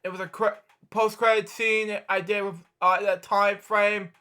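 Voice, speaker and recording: A man's voice: sits high, flat delivery, a little slow, sharp tone. A man in his twenties, hosting a reaction video, rambling in casual commentary and muttering to himself while he searches. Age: 20s.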